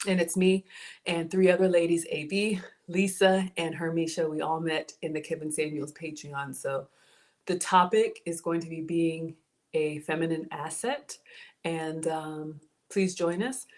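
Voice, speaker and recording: Here a home-cook livestream host in her forties talks in a low, steady, slightly slow and mellow voice, with a mild Southern American accent. Cooking as she goes, she chats casually with viewers, addresses them as y'all, and thanks them for supporting her.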